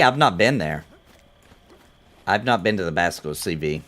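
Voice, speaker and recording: Streaming an online game, this man talks fairly quickly in a low-pitched, fairly bright voice with lively intonation. He jokes around with his chat and pokes fun at things in the game, keeping it casual and playful.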